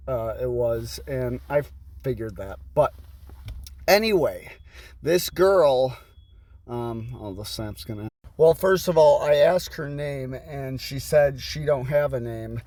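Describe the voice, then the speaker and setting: A man's voice: on the high side, a little mellow, dry recording. A young adult man casually telling a rambling, profane story full of fillers, recorded in a car. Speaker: vlogger. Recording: noisy car background. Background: car and road noise.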